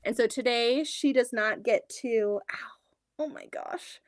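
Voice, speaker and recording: A woman's voice: on the high side, a little slow, no room sound, clean studio sound. A woman in her thirties chatting casually on a home quilting livestream, rambling about her kids and reading out viewer comments. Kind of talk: casual chat on a live stream. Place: home sewing room.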